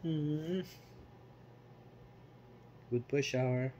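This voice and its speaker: A man coaxing his pet cockatoo in sing-song baby talk, asking the same gentle questions over and over. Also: medium pitch, slow, pauses often, a little hiss or hum. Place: home with a pet bird.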